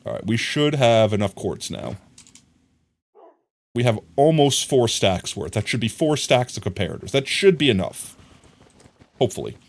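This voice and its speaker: A man's voice: medium pitch, lively intonation, normal speed, long pauses. An American man livestreaming a game from home, rambling casually and talking to his chat. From United States. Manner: rambling, chatty, talks to chat and reads it aloud. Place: home room with his dog.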